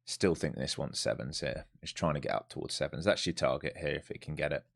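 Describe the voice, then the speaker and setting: A man's voice: extremely low pitch, fairly quick, gravelly, a bit bright. A man giving live commentary to viewers as he trades, blunt and profane as he thinks aloud over the charts. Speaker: live-streaming day trader.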